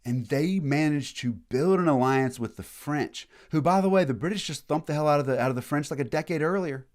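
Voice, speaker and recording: A man giving a casual, animated history lecture, full of slang and quick acted-out asides. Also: fairly high pitch.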